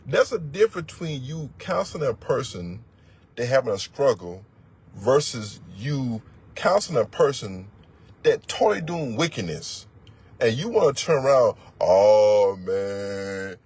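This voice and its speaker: Very husky, fiery male preacher. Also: medium pitch, very animated, normal speed. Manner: blunt, profane, emphatic, repeats words for force. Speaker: religious teacher and elder. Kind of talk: fiery sermon-style teaching.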